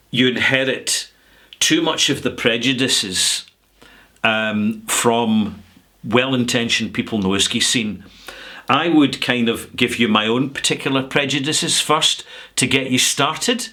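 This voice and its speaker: A middle-aged Scottish man holds forth in a chatty, sarcastic vlog rant. He draws out his words for emphasis. His tone is bright and forward. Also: mid-range voice, slow pace. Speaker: whisky vlogger. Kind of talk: casual rant to camera.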